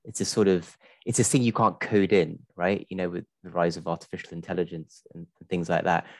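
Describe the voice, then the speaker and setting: A man's voice: low-pitched, flat delivery, fairly quick, dry recording. A man hosting a webinar who talks in an upbeat, conversational way and often checks in with "right?". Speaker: host. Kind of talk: casual webinar talk.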